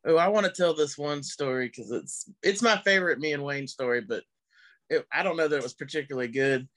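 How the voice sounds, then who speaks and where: A male comedian guest telling an animated story in casual chat, swearing freely. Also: a little high, brisk.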